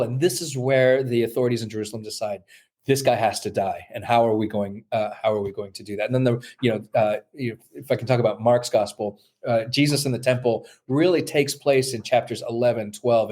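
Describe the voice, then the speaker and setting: A man who teaches New Testament, explaining his research in an interview, thoughtful and halting with many fillers and restarts, acting out quoted voices now and then. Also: mid-range voice, darkish tone. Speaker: New Testament scholar, guest.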